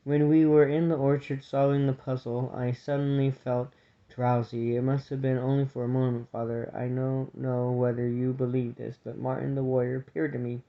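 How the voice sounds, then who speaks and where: A man's voice: mid-range voice, level tone, normal speed, natural voice. A man doing an earnest young squirrel maid. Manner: earnest and urgent. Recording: dull lo-fi recording.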